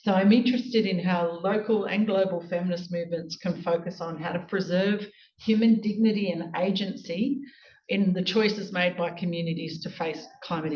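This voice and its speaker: A woman with a rural Australian accent giving an academic lecture as a law professor, earnest and thoughtful, with frequent fillers. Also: fairly low pitch. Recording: echoey hall, dull lo-fi sound, faint noise.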